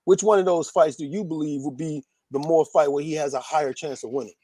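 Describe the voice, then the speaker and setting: A man co-hosting a boxing podcast, talking through matchups in a measured, analytical way. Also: fairly high pitch, dark tone, dry recording.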